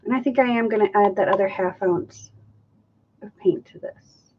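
A woman's voice: medium pitch, moderate pace, muffled recording, a little hiss or hum. A woman hosting a live craft demonstration, chatting casually and thinking aloud as she mixes and counts. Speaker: acrylic pouring artist hosting a live stream.

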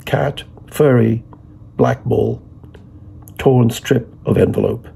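A man reading literary fiction aloud in a measured, deliberate way. His voice is very husky and heavily gravelly, with a dark, mellow tone throughout. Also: medium pitch, big pitch swings. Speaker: reader.

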